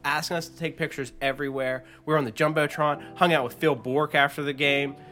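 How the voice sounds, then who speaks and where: A young man from the Pittsburgh area chatting casually, telling an animated story full of fillers and swearing. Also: on the high side, fairly quick, soft background music. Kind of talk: casual podcast chat.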